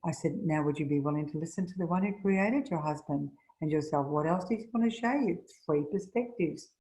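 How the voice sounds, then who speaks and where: A middle-aged woman leading a spiritual seminar, telling stories and acting out the people she quotes with rising pitch. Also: fairly quick, mellow. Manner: storytelling, acts out quoted voices with rising pitch. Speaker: seminar leader. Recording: echoey room.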